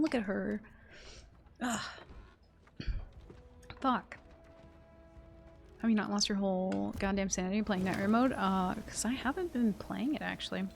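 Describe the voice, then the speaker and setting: A woman streamer chatting with her live audience while gaming, excitable and full of swearing. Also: mid-range voice, moderate pace, creaky, pauses often, soft background music. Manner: profane, excitable, talks to chat. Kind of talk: live game stream chat.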